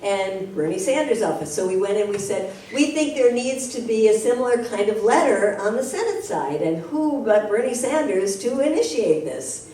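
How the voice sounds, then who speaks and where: A woman's voice: medium pitch, lively intonation, moderate pace, dark tone. A woman activist speaking at a public talk and answering questions, telling stories animatedly and acting out the people she quotes. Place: community hall. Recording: distant, very echoey hall with faint hiss.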